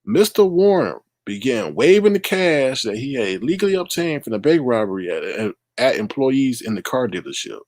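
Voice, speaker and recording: Lively middle-aged man reading news. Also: mid-range voice, normal speed, no echo, studio quality. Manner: animated, exclaiming and laughing at the story; reads news aloud and talks to the chat. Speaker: live-stream host. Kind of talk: live-stream news commentary.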